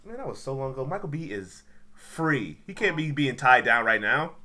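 Man, lively swoopy pitch, deadpan fake outrage, chatty co-host. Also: normal speed. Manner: dry, mock-indignant teasing. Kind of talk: casual chat.

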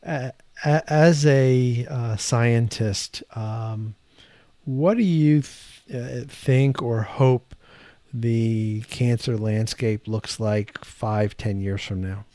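A man's voice: mid-range voice, drawn-out words, warm tone, no echo. A man hosting a podcast interview, asking friendly, rambling questions full of fillers. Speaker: podcast host.

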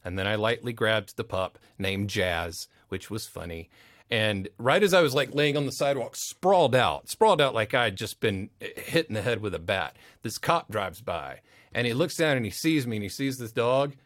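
A man's voice: fairly low pitch, normal speed, no echo. Rambling man telling studio stories, dry sound. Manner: rambling, animated, with playful quoted voices. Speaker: voice actor and studio owner. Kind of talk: casual interview storytelling. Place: recording studio.

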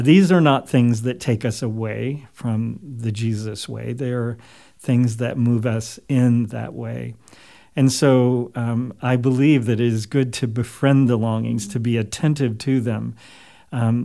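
A man being interviewed as an author, speaking in a thoughtful, measured way with frequent pauses. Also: medium pitch, fairly even intonation, vocal fry, mellow. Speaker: author and guest. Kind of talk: reflective interview talk.

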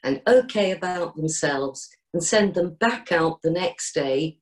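A middle-aged woman, a coach, talking as a podcast guest in a gently encouraging way and acting out inner voices. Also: fairly low pitch, expressive, measured pace. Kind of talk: podcast interview.

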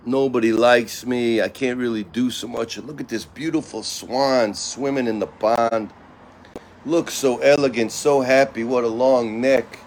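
A man tells an animal fable in a loose, conversational way, sometimes stumbling and repeating words. His pitch sits in an ordinary middle range. A faint background hiss lies under the voice. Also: fairly even intonation, unhurried, darkish tone. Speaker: storyteller. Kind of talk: casual spoken fable.

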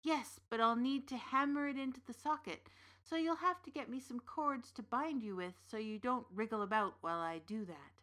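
A woman's voice: fairly high pitch, normal speed, fairly bright tone, pitched above the performer's own voice, natural voice. A woman voicing a gaunt, one-eyed old female ogre who growls cruel threats. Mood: menacing.

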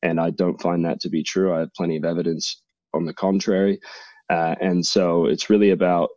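A man with a very deep voice and an accent that blends English and American, talking as a guest on a podcast. He chats and jokes easily as he tells his stories. The sound is dry and a bit dull, like a lo-fi remote mic. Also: little pitch movement, a little fast, a little mellow, dry recording. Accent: mixed English and American. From half English, half American. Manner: chatty, jokey storyteller. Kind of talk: casual podcast conversation.

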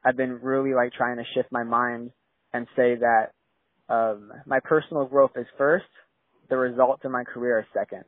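A man's voice: medium pitch, steady tone, normal speed, no room sound. A young man from San Diego, a filmmaker guest, talking casually and rambling with lots of "like" and restarts. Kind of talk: casual interview chat. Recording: tinny phone-like line.

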